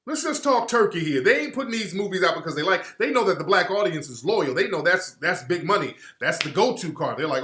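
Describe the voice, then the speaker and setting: Man, radio host, bright pushy voice, echoey room. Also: high voice, brisk, hardly any pauses. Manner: blunt, profane and animated, mimics others in quoted voices. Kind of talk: opinionated radio commentary.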